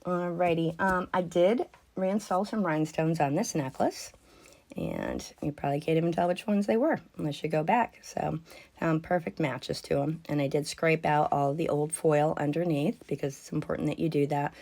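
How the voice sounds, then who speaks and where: A woman's voice: deep voice, moderate pace, a little mellow. A woman chatting casually to her viewers as she unboxes and shows off jewelry at home, gushing over the pieces.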